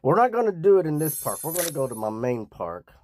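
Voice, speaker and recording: A man's voice: a little high, very animated, darkish tone, a little hiss or hum. A man hosting a gaming channel, chatting casually to his viewers about a game and calling them guys. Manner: slow, drawn-out, chatty, addresses viewers as guys.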